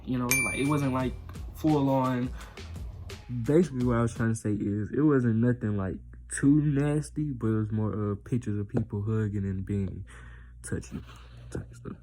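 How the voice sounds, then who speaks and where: A man's voice: medium pitch, fairly even intonation, moderate pace, warm tone, soft background music. A young man telling a casual storytime, rambling and slangy with lots of fillers. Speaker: vlogger.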